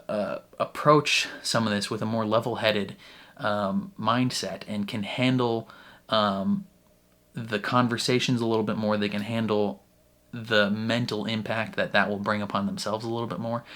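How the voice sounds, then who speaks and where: A man hosting a reaction vlog in casual, animated talk, laughing between phrases and leaning heavily on "like" as a filler. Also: on the low side, normal speed. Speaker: reaction channel host.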